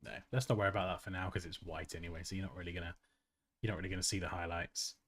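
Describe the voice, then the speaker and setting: A man's voice: deep voice, fairly even intonation, racing, a bit bright. Laid-back man hosting a design livestream. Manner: chatty and self-mocking, laughs often, reads out chat comments. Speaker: design tutorial livestream host. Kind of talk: casual live tutorial chat.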